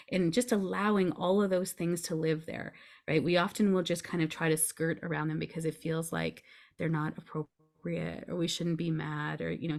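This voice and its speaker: Low voice lady coach walking you through grief steps, reassuring. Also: steady tone, moderate pace. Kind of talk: podcast conversation.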